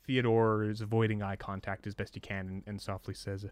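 A man running a tabletop role-playing game as game master, narrating scenes in a relaxed way with fillers. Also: on the low side, brisk, hardly any pauses, clean tone, no echo, clean studio sound.

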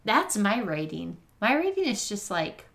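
Casting: woman podcast co-host, unhurried, lively swinging pitch, playful, hesitant fillers. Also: gravelly. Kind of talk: casual podcast chat.

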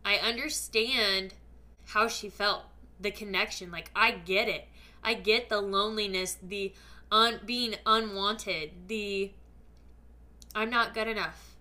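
A woman's voice: medium pitch, steady tone, takes it slowly, sharp tone. A woman hosting a podcast, speaking to listeners in a casual, emphatic and earnest faith-based motivational talk. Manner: casual, with frequent fillers. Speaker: podcast host.

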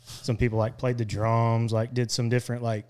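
A man's voice: mid-range voice, little pitch movement, normal speed, darkish tone, clear, resonant tone. A man, a musician guest on a podcast, talking easygoing and modest. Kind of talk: casual chat.

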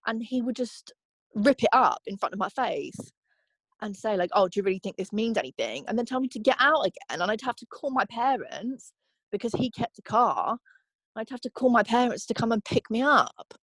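Candid young woman, halting testimony. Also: fairly high pitch, lively intonation, fairly bright tone, slightly rough, no echo. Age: young adult. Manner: candid, halting, many "like" fillers. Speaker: interviewee. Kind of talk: personal testimony.

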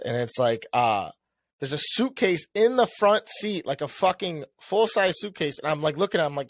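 A young man co-hosting a podcast, telling a story in casual chat. He swears a lot and acts out what he said with a rising, animated voice. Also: on the high side, normal speed, dry recording. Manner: animated, swears often, acts out his own lines with a rising voice. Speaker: podcast co-host.

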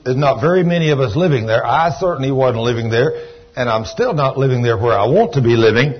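A man preaching a storytelling sermon in a church, folksy and animated, sometimes rising to shouts of praise. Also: medium pitch, a little fast, breathy edge. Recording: dull lo-fi church recording.

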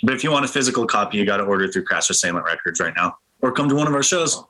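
A man's voice: lowish voice, lively intonation, rapid-fire, pushed and bright. A man from a band, chatting casually in short, easygoing remarks as a guest. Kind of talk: casual interview chat.

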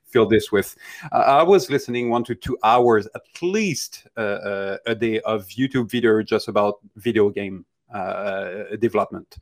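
Low-voiced man rambling through advice. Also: normal speed, few pauses. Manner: rambling, frequent restarts and fillers. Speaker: co-host of an animation Q&A show. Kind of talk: casual advice chat.

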